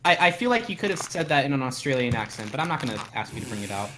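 A man's voice: medium pitch, big pitch swings, very fast, very noisy. A man co-hosting a casual live-stream podcast, teasing and playful. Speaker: podcast co-host.

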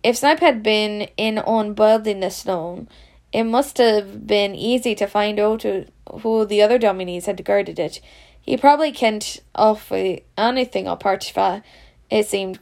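A woman's voice: medium pitch, measured pace, vocal fry, darkish tone. A woman reading a children's novel aloud, slipping in Scots words. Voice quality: reads in a Scots voice, slips into dialect words. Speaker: reader.

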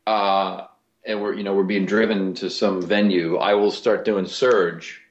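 A man, a voice actor and comedian, telling stories in a casual interview with lively restarts. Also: low-pitched, a little slow, reverberant, highs cut off. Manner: animated storyteller, lots of restarts.

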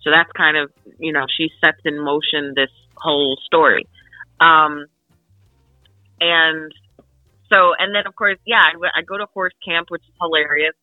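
A young woman from the Philadelphia suburbs, an actress guest telling an animated story full of fillers in an interview. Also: deep voice, moderate pace, no room sound, faint music behind. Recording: tinny phone-line radio, dry.

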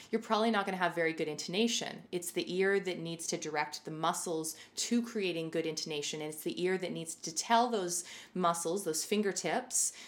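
Chatty woman teaching violin. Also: on the low side. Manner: conversational, many fillers and restarts. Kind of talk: casual spoken music lesson.

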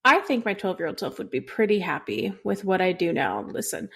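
A woman co-hosting a podcast in casual chat, relaxed and agreeable with some self-deprecating humor. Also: lowish voice, a little fast, gravelly, slightly rough. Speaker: podcast co-host. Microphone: podcast mic.

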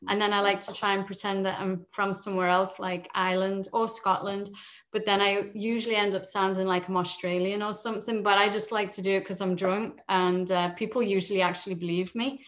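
A woman in her forties talks in a relaxed, candid way. She chats freely and laughs easily. Her voice sits at a middle pitch. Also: a little fast. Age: 40s. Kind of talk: casual chat.

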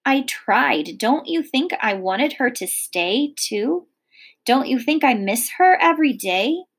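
A woman voicing a gentle, sad middle-aged preacher who is a father, speaking softly and wearily as she reads a novel aloud. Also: sits high, lively intonation, takes it slowly, husky, full character voice. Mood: pleading. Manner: soft, tired.

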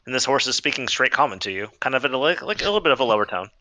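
Animated man narrating as game master. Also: medium pitch, dry recording, rough recording. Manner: halting, full of fillers and restarts.

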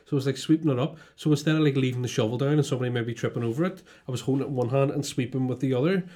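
A man's voice: medium pitch, very fast, warm tone. Sweary man hosting a podcast. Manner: sweary, rambling storyteller. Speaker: podcast host. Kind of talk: casual chat.

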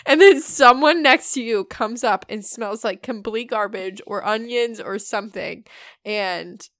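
A young woman co-hosting a casual chat, giggling and teasing with quick asides. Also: fairly high pitch, a bit bright, no room sound, clean studio sound. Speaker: podcast co-host.

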